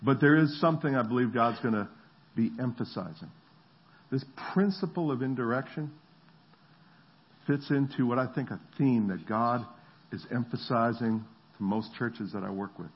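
A middle-aged man preaching a sermon, telling stories in an animated way and acting out the voices of the people in them. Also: mid-range voice, moderate pace, husky, lo-fi sound. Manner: animated storytelling, acts out voices. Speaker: pastor.

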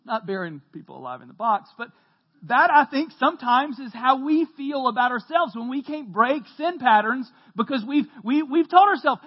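A man preaching a sermon to a congregation as pastor, telling stories with humor and lively emphasis. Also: very high-pitched, normal speed, highs cut off. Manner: animated storytelling, jokes with the congregation, shouts when quoting. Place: church hall.

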